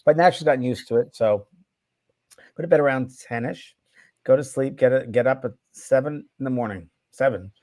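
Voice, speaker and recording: A man co-hosting a casual chat, rambling in a relaxed way with plenty of ums. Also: mid-range voice, normal speed, dry recording. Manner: relaxed, rambling, full of filler words. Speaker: co-host, psychic medium.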